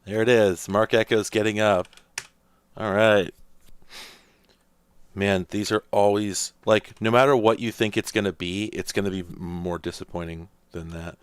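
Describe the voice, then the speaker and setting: A man's voice: on the low side, fairly even intonation, measured pace, clean tone, dry recording. A man hosting a casual let's-play, rambling and thinking aloud with lots of fillers as he plays. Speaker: host.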